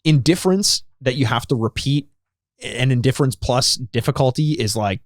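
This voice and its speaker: A man co-hosting a podcast, talking casually at a mid pitch. His voice is recorded dry and close, and he restarts his sentences often and sometimes mimics an announcer. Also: normal speed, no echo. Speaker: podcast co-host. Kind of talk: casual chat.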